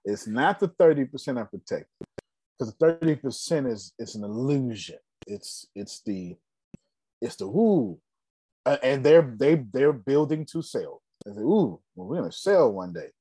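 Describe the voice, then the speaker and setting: A man's voice: medium pitch, expressive, unhurried, dark tone, husky, dry recording. A man in his forties hosting a casual business talk, telling stories with emphatic repetition and frequent laughs. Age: 40s. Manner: storytelling, laughs often, emphatic. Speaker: host.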